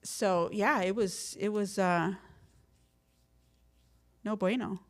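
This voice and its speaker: A middle-aged woman talks as a guest on a podcast. Her speech is relaxed and slangy, full of fillers and street expressions, and her pitch sits in the middle range. When she acts out what someone said, her voice turns lively. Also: takes it slowly. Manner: lively when acting out quotes. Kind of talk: casual storytelling interview.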